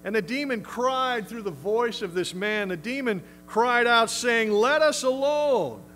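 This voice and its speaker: Brief: male pastor, conversational and emphatic sermon delivery, somewhat high-pitched. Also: a little slow, sharp tone, slight background noise, low-quality recording. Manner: emphatic, conversational, acts out quotes.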